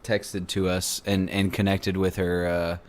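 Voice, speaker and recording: A man's voice: sits low, little pitch movement, unhurried. A man hosting a casual podcast chat, joking and rambling with many restarts. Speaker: podcast host.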